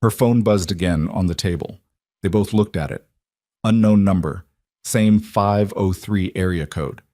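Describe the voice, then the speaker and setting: A man reading a scripted story in an even, unhurried way. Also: low voice, dry recording, studio quality. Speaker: narrator. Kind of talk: scripted narration.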